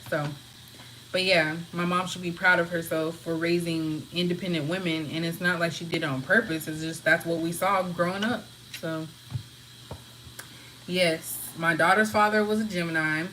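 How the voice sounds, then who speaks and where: Relaxed woman chatting to her viewers. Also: on the low side, normal speed, slight background noise, rough recording. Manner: relaxed, talks freely, answers chat comments. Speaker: livestream host. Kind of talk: casual rambling chat with viewers. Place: at home.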